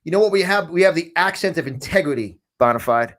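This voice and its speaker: A podcast host with a New York accent, talking in a rambling, fired-up way from a large studio. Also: male voice, fairly high pitch, animated, quick pace, a bit bright. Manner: rambling, fired up, repeats words. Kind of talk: animated talk-show chat.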